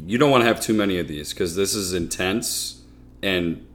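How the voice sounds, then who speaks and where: A man's voice: low-pitched, normal speed, slight background noise. A man co-hosting a podcast, chatting casually over beers in a rambling, joking way and laughing often. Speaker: podcast co-host.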